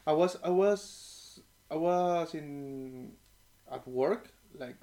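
Halting man, Spanish native speaker. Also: fairly high pitch, dark tone. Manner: halting, searching for words. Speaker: interviewee. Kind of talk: casual podcast interview.

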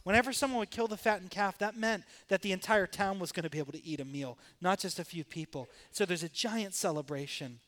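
High-voiced man preaching a sermon. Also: quick pace, hardly any pauses, fairly bright tone. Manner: dramatic, acts out the sons' and father's words. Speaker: pastor. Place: church sanctuary.

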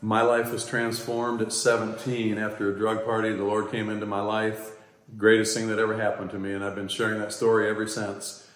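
A man giving a short, earnest, steady testimony. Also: lowish voice, brisk. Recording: roomy echo.

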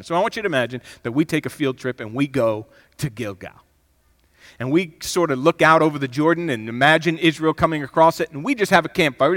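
A man preaching a sermon as pastor, swinging from loud, emphatic bursts down to hushed, reflective passages. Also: on the high side. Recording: long hall reverb.

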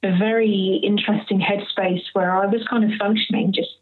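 This interview guest, a woman in her thirties, speaks a little fast with a steady tone and medium pitch, recorded in narrow phone-like audio. Sharing a personal story with candor and feeling, she voices the words of others.

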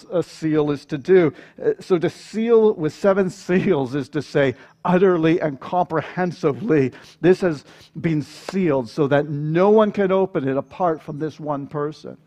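Man, sermon, earnest, emphatic rhetorical questions, slightly high voice. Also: a little mellow. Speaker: preacher.

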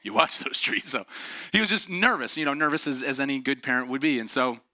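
A man giving a motivational talk, telling personal stories in an animated, earnest way and laughing often. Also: medium pitch, fast, no echo, studio quality. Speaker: speaker.

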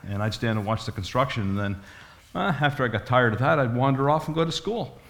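A man's voice: mid-range voice, fast, fairly bright tone. Folksy storytelling preacher man. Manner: folksy, rambling with restarts. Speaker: pastor. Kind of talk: storytelling sermon.

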